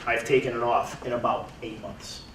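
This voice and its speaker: A man in his thirties gives a casual testimonial talk to a group, repeating and restarting words as he goes. His medium-pitched voice is steady and a bit bright, at a moderate pace. The recording is roomy and distant, with faint noise.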